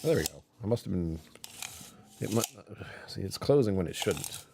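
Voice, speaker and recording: A man's voice: normal speed, creaky, noisy background. A man hosting a casual livestream, rambling and self-deprecating as he chats with viewers and chuckles often. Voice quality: deep voice that sometimes drops even lower. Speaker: live streamer hosting his channel.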